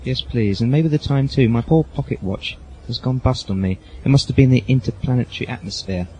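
A man playing a fast-talking, courteous time-traveling doctor. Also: mid-range voice, dark tone, slight background noise, natural voice, rough recording. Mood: polite. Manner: chatty, genteel, fussy British politeness. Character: eccentric polite male time-traveling doctor. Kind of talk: amateur audio drama.

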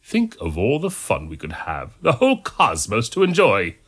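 A man's voice: lowish voice, huge pitch swings, moderate pace, fairly bright tone, breathy edge, pitched above the performer's own voice, exaggerated voice. A man voicing a boastful, greedy male monk in an amateur audiobook reading, in a gleeful manner.

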